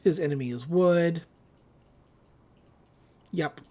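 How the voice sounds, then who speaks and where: A woman hosting a podcast, recapping a cartoon episode in casual chat, with frequent laughs and quick quoted asides. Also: sits low, a little mellow. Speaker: podcast host.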